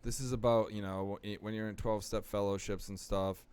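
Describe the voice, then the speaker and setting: A young man tells his story in a casual, animated way, playing out the voices of the people in it. His voice sits on the low side and comes across smooth and clear. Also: fairly quick. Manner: animated, acts out quoted voices. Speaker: podcast guest. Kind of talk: casual storytelling about recovery.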